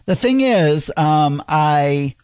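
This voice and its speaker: A man's voice: on the high side, lively intonation, extremely slow, darkish tone, smooth, no room sound, studio quality. A man co-hosting a podcast, easygoing in casual chat. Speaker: podcast co-host.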